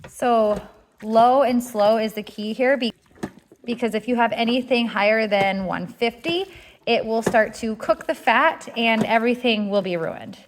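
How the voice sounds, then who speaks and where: Relaxed woman teaching kitchen skills. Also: a little high, measured pace, slight background noise. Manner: relaxed, explains step by step with fillers. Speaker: homestead cooking instructor. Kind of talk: casual kitchen tutorial. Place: home kitchen.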